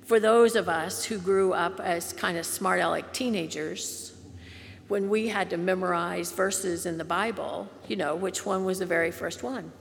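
A woman pastor preaching a sermon slowly and gently, sometimes softening to a near whisper. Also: on the low side, vocal fry, big-room sound. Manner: slow, gentle, drops to soft whispers on quoted lines.

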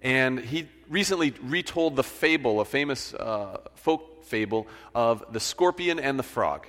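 A man's voice: medium pitch, lively intonation, unhurried, fairly bright tone. A male pastor preaching a sermon in a conversational storytelling manner, often restarting phrases. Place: church sanctuary. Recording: church hall reverb.

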